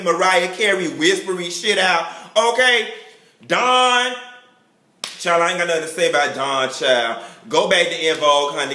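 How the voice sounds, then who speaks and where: Sassy male vlogger with a high, bright voice and camp, catty delivery, recorded in an echoey room. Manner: campy, catty, full of slang and drawn-out exclamations. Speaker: celebrity gossip vlogger. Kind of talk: sassy reality-show review.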